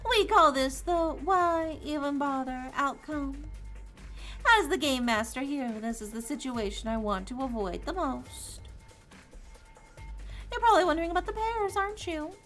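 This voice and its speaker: A woman's voice: high voice, a bit bright, heavily acted. A woman voicing a mischievous male AI rabbit game master in a put-on Southern drawl, reading a visual novel aloud on stream with a taunting, singsong manner.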